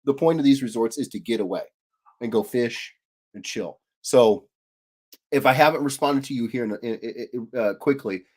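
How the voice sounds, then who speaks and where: Chatty guy hosting a livestream, laughs a lot, rambles, mid-pitched voice. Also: normal speed, a little mellow. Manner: rambling, laughs often, reads chat aloud. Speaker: host of an art livestream. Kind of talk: casual livestream chat.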